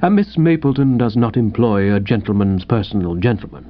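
A man doing a soft, dignified valet. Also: on the low side, expressive, pitched below the performer's own voice, natural voice. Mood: composed. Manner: soft, measured, formal speech. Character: calm, dignified male valet. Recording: dull lo-fi recording.

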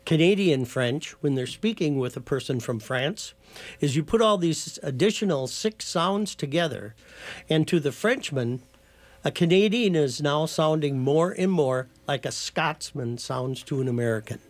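Guy on a talk show explaining stuff slow and patient, voice a bit high, lecture-y. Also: expressive. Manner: patient, lecturing, spells words out. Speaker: guest from a heritage foundation.

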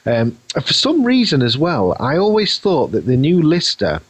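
A man's voice: on the high side, huge pitch swings, moderate pace, husky, no room sound, poor audio. A man, co-hosting a podcast in casual chat, musing and rambling with many fillers. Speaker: podcast co-host.

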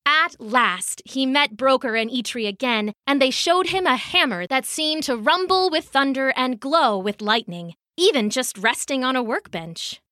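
A woman narrating a mythology story as scripted storybook reading, expressive and measured. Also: high voice, no echo, studio quality.

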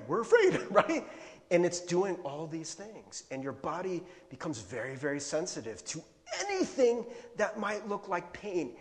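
A man's voice: high-pitched, big-room sound. A man preaching a sermon to his congregation, playful and self-mocking, acting out panic at times. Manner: animated, playful, acts out panic with rising shouts. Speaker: pastor.

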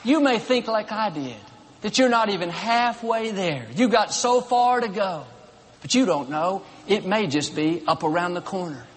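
A man preaching a sermon, encouraging and rhythmic, in short repeated phrases. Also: high voice. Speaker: pastor. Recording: long reverb of a large hall.

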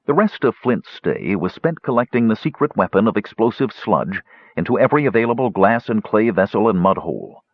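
A man narrating a fantasy audiobook in a steady, expressive way. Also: fairly low pitch, brisk, breathy edge, no echo. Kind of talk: scripted narration. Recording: dull lo-fi recording.

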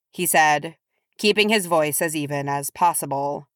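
A woman reading a fantasy story aloud with measured, steady storytelling. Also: deep voice, no room sound, clean studio sound. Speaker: audiobook reader. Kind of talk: storybook narration of fan fiction.

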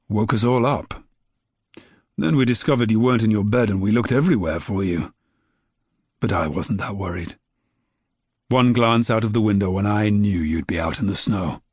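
A man's voice: fairly low pitch, slightly rough, no room sound, studio quality. A man doing a fond farm dad. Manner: plain, chatty, warm-hearted talk. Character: farm father, gruff then fond. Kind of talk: storybook reading.

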